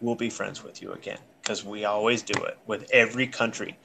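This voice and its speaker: A man's voice: fairly low pitch, steady tone, a little fast, gravelly, pushed and bright, slight background noise. A man on a discussion panel, talking casually in a blunt, profane, joking way.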